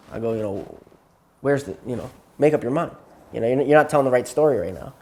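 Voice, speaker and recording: Man, therapy session, rambling storyteller, burnt out, casual, mid pitch. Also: lively intonation, fast talker, a little mellow. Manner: rambling, repeats himself, acts out quotes. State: burnt out and tired.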